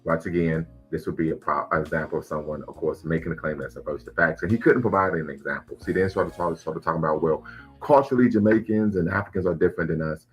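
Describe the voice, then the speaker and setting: A man in a played debate clip, laying out his argument in a measured, explanatory way. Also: rumbling low, slightly rough, soft background music.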